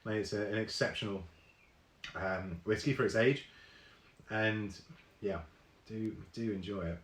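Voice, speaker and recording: A man's voice: on the low side, fairly even intonation, a little slow, echoey room. A man hosting a live online whisky tasting, chatting casually with many ums and reading viewer comments aloud.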